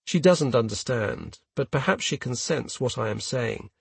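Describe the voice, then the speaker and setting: A man reading a first-person story aloud in a measured, steady way. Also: mid-range voice, creaky, slightly rough, no room sound. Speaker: audiobook narrator. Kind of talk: scripted first-person narration.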